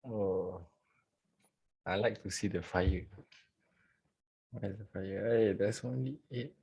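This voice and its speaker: Husky, slow-talking man teaching trading live. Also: on the low side, dark tone. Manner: joking, chatty, laughs often. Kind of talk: casual live online trading class. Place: at home. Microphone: video call.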